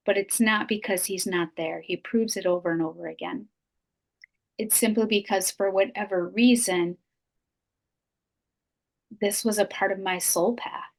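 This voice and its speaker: Her voice sits at a medium pitch as this middle-aged podcast guest recounts something deeply personal. Heartfelt and sincere, she leans on repetition to drive her points home.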